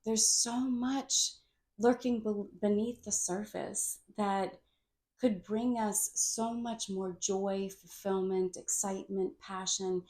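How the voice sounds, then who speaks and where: A woman coach speaks as a guest on a podcast, earnest and encouraging. Her voice sits at a middle pitch and her delivery is lively and motivational. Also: slow pace. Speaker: guest, life coach and actress. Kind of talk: podcast interview.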